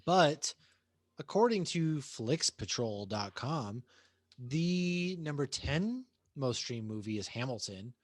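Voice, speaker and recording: Podcast co-host, male, 30s, animated and swearing, swooping intonation, dry close sound. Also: medium pitch, slow, dry recording. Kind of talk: casual chat.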